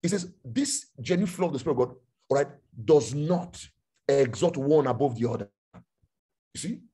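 A man preaching a sermon, repeating his phrases and asking the listeners rhetorical questions, at times rising to a shout. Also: mid-range voice, lively intonation, moderate pace, breathy edge.

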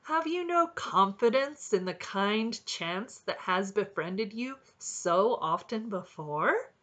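A woman voicing a cheerful, earnest little male robin who speaks in a bright and encouraging way. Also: medium pitch, expressive, takes it slowly. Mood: cheery, earnest.

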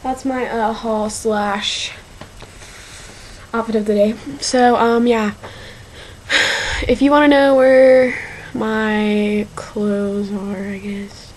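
Slow rambling young woman vlogger. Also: fairly high pitch, steady tone, slight background noise, low-quality recording. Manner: slow, rambling, filler-heavy, says y'all. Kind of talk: casual haul video.

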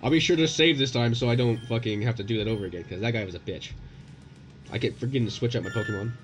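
A young man commentating his own gameplay, excitable and profane, yelling at the game in bursts. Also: mid-range voice, quick pace. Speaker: gaming YouTuber. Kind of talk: let's play commentary. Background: game music.

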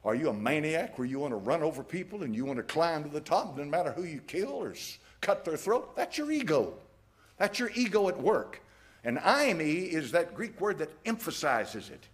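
A man's voice: a little high, sing-song, normal speed. A man preaching a sermon in a folksy, emphatic way, chuckling at his own jabs. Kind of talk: fiery evening sermon.

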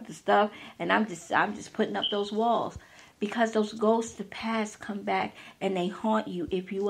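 A woman who is an author, giving an animated, conversational motivational talk full of slang and playful asides. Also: mid-range voice, vocal fry.

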